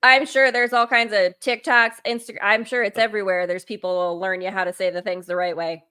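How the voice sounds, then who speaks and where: Bubbly bright-voiced female co-host. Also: medium pitch, little pitch movement, brisk, clear, resonant tone. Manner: bubbly, enthusiastic, playful. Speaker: guest co-host. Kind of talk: casual podcast chat.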